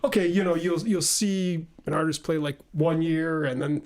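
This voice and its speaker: A middle-aged man, a guest pianist, telling stories in a casual interview, animated and laughing, often repeating his words. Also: on the high side, moderate pace.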